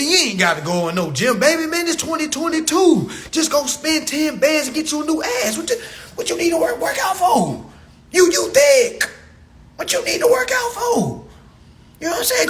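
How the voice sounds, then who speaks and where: Lively, high, bright-voiced man ranting. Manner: profane, preachy, mocking. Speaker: social media commentator. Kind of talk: instagram live rant. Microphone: phone on a live stream.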